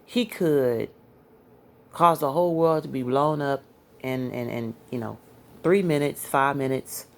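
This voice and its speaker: A tired woman telling a personal religious testimony in a rambling, halting way, full of fillers. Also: rumbling low, fairly even intonation. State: tired, yawning. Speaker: Christian testimony speaker.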